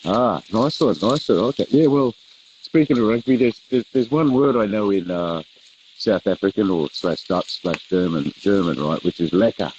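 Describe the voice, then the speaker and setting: Laid-back deep-voiced man at a grill. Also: normal speed, a little mellow, lo-fi sound, a little hiss or hum. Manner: easygoing, laughs often, says "mate". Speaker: co-host of a live barbecue show. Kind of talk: casual chat while grilling.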